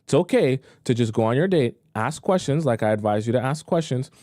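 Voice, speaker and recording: Male live-stream dating coach, warm mellow tone, emphatic and repetitive, dry close mic. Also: medium pitch, lively intonation, a little fast, dry recording. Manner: emphatic, repeats points for stress. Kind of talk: casual live-stream advice talk.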